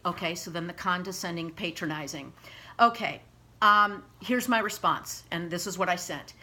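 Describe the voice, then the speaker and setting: A woman's voice: lowish voice, normal speed, bright, forceful tone. A woman activist in casual talk, reading her own letter aloud in a passionate, emphatic way, with frequent fillers and asides. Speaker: animal rights activist vlogger.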